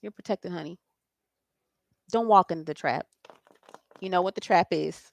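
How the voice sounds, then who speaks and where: Her voice sits on the low side, gravelly and darkish, at a moderate pace, with no room sound. It's a laid-back psychic tarot reading delivered to camera, where she reassures bluntly, swears casually, and keeps repeating "I feel like" and "okay?"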